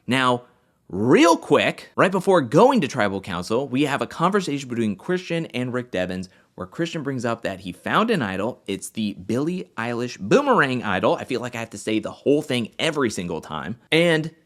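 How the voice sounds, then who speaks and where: Animated man recapping a reality show. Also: mid-range voice, normal speed. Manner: animated storytelling, acts out quotes. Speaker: recap host. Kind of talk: episode recap commentary.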